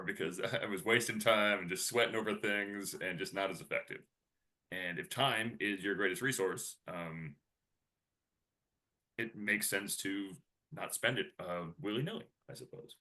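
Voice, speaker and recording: A man's voice: on the low side, moderate pace, bright, forceful tone. A man co-presenting a webinar, talking casually and rambling with lots of fillers and restarts.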